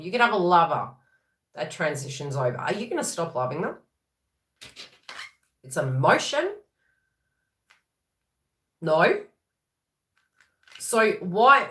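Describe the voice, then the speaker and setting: A woman talks through a spiritual reading in a casual, lively way, dropping into quick voices for the thoughts she quotes. Her voice sits a little low but sounds bright and forceful. The room around her rings with echo. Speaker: tarot reader. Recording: echoey room.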